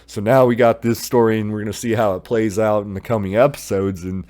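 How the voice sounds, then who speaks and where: A man's voice: on the low side, fairly even intonation, brisk, a little mellow. A man in his thirties giving a loose, profane, filler-heavy review of a TV episode. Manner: loose and profane, many fillers, retells scenes in voices. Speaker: TV show reviewer. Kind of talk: casual rambling episode review.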